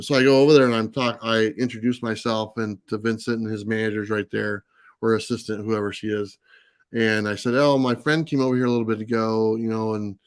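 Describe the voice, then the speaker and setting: A comics channel host tells a long anecdote during a casual livestream chat, full of fillers and restarts. His fairly low voice comes through a live stream mic with a clean tone and no echo.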